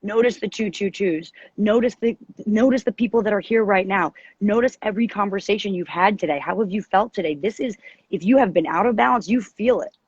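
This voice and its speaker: A woman with a deep, raspy voice hosts a casual astrology chat. She rambles and restarts her sentences. Her husky voice comes through a dry, slightly dull video-call recording. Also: brisk, no echo. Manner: rambling, animated, self-interrupting. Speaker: podcast co-host and astrologer.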